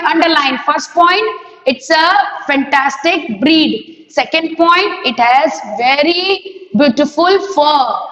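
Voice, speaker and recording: A woman's voice: sits high, a bit bright. A woman teacher explaining a textbook lesson, asking the class many questions and repeating key words. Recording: echoey room with long reverb.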